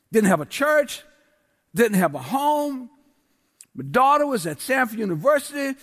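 Guest preacher, male, very high voice, rhythmic repeated refrains, church reverb. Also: fairly bright tone. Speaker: guest pastor. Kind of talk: sermon. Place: large church. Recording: long church hall reverb.

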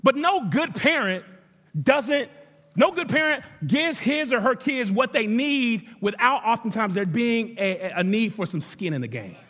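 A man's voice: very high voice, expressive, unhurried, a bit bright. A male pastor in his thirties preaching a sermon, conversational and emphatic, with repeated phrases for weight. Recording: long hall reverb.

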